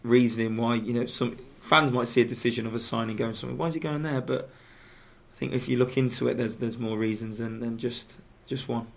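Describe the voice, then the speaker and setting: A man, a footballer guest in a radio studio, chatting casually and haltingly with many restarts and fillers. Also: mid-range voice, flat delivery, gravelly. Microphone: studio microphone.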